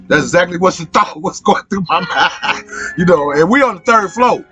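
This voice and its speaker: A middle-aged man spins profane stories in a loose podcast chat, his pitch leaping and dropping as he repeats lines for effect. His voice sits a little high for a man. Faint music plays underneath. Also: fast talker. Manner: profane, animated, repeats himself. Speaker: podcast host. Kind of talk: casual storytelling.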